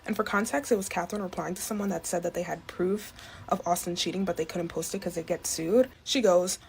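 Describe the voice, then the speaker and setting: A woman's voice: fairly low pitch, fast, creaky, a little mellow, slight background noise. A woman giving gossipy commentary in a social media clip, incredulous and chatty. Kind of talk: quick opinion commentary.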